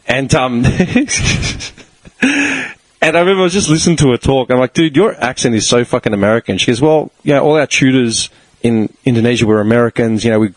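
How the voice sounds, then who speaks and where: A man in his thirties telling stories with a lively, swooping voice and plenty of swearing and "dude". His pitch sits at an ordinary height, and the sound is close and dry. He sounds like a podcast host in easy chat. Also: a little fast, dry recording, poor audio. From Melbourne, Australia. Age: 30s. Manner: animated storyteller, swears, calls people "dude" and "man". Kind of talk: casual chat.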